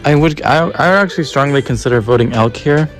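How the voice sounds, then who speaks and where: A man's voice: mid-range voice, fast, soft background music. A young man recording a confessional video diary as a game contestant, rambling through his annoyed thoughts on strategy.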